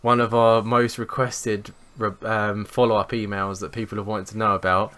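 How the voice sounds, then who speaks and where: A young man, co-hosting a podcast and telling sweary, animated anecdotes in casual chat. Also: lowish voice, moderate pace. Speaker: podcast co-host.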